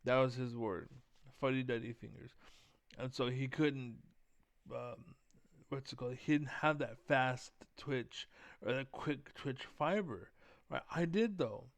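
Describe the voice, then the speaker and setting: A man's voice: mid-range voice, a little slow, no room sound. A young man vlogging in a heated, profane, rambling rant full of fillers. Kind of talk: casual rant to camera.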